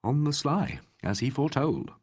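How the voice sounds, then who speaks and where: A man reading an audiobook, voicing a calm police inspector who talks placidly and quietly firm. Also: mid-range voice, normal speed, slightly rough, pitched above the performer's own voice. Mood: dry.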